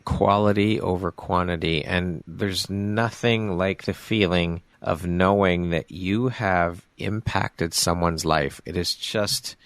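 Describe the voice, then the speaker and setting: Deep-voiced man hosting, dry sound. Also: fairly even intonation, takes it slowly, hardly any pauses, dry recording. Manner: warmly affirming, reflective. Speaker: podcast host. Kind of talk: interview.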